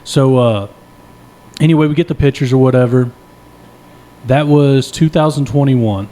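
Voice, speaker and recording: Speaking at a moderate pace in a mid-range voice, a young podcast co-host spins a long, profane, rambling anecdote. He's animated, casual and self-deprecating, laughing frequently as he goes.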